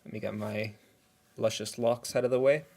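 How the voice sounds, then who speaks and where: A man's voice: on the low side, fairly even intonation, normal speed, vocal fry, darkish tone. A man hosting a casual livestream reaction who rambles in a chatty way and talks while eating.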